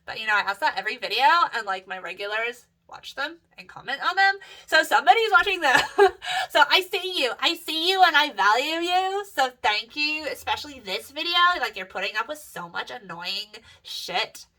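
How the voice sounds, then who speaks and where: A woman's voice: high-pitched, animated, moderate pace, pushed and bright. A young woman vlogging in a casual, rambling monologue, swearing freely and trailing off with fillers and self-corrections.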